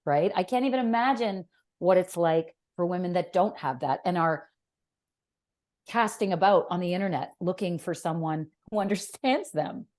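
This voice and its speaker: A woman's voice: lowish voice, moderate pace. A woman in her fifties, a fitness professional, talking animatedly and bluntly as a podcast guest. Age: 50s. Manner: animated, emphatic, blunt with swearing. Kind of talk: casual interview chat.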